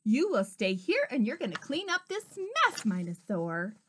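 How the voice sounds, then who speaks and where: A woman's voice: fairly high pitch, huge pitch swings, measured pace, fairly bright tone, full character voice. A woman voicing a stern, scolding female dinosaur schoolteacher in a children's story. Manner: scolding, firm.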